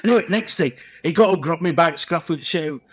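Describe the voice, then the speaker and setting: A man's voice: fairly high pitch, animated, fast, breathy edge. A middle-aged man from Leeds with a Yorkshire accent, a podcast guest telling rambling, blunt anecdotes full of swearing. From Leeds, England. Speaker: guest tiler. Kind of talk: casual podcast chat.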